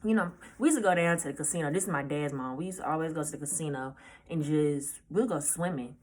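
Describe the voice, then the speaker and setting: A nineteen-year-old woman telling a personal story in a casual, halting way, often restarting her sentences. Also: low-pitched. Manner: halting, hesitant, with many restarts; casual, informal speech. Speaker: vlogger.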